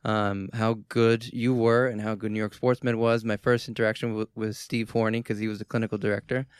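A man from Boston co-hosting a casual podcast, telling stories in an animated way with plenty of fillers. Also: lowish voice, brisk, clean tone, no room sound, studio quality. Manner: animated storyteller, many fillers.

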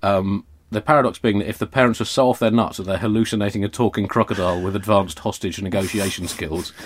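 A man's voice: lowish voice, steady tone, fast talker. A man with an English accent hosting a comedy podcast, dry, mock-formal and digressive. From Britain.

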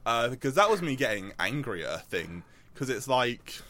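A man's voice: medium pitch, very animated, moderate pace, bright, forceful tone. A young man co-hosting a podcast, chatting casually and rambling through tangents with lots of fillers and restarts. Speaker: podcast co-host. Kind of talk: casual chat.

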